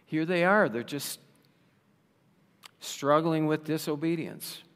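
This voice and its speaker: A man preaching a sermon in a slow, emphatic way, raising his voice for rhetorical questions. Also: fairly high pitch, a bit bright. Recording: long reverb of a large hall.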